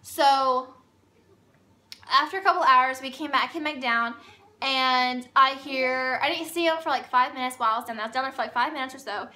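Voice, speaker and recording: A woman's voice: high voice, fairly quick, bright, forceful tone. A woman telling a storytime vlog in a chatty, rambling way. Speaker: vlogger.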